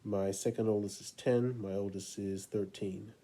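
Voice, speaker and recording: Relaxed low-voiced man coaching parents. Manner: relaxed and unhurried, with many pauses and ums. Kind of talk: casual storytelling talk to camera.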